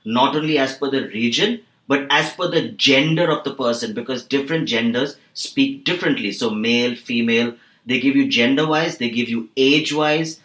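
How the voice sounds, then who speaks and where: A man talks listeners through tips in a measured, instructive way, stretching out the words he wants to stress. His voice sits at an ordinary middle pitch. The room around him rings with noticeable echo. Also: a bit bright. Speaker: English teacher on podcast. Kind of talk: explanatory podcast chat.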